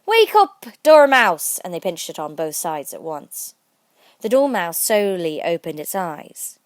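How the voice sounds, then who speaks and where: A woman's voice: low voice, a little slow, a little mellow, no echo. A woman narrating a classic children's story, giving each character a voice. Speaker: audiobook narrator.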